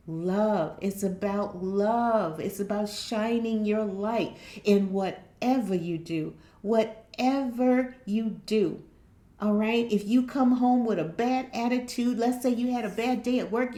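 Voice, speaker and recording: A woman's voice: fairly high pitch, warm tone, reverberant. A woman giving casual motivational life advice, acting out everyday dialogues and often checking in with her listeners. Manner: conversational, acts out little dialogues, checks in with "you know what I mean?". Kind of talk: casual motivational talk to camera.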